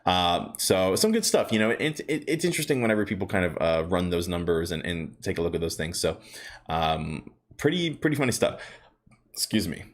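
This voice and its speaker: Running a laid-back livestream about stocks, this man talks briskly in a low, sing-song voice. Upbeat and chatty, he calls out viewers by name and wanders through stories full of filler words.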